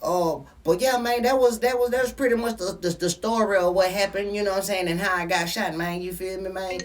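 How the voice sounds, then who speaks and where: A man's voice: high-pitched, steady tone, fairly quick, a little hiss or hum, close to an everyday voice. A man playing a boastful streetwise pimp in a spoof interview, rambling in slang and constantly asking "you know what I'm saying". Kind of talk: comedic parody interview.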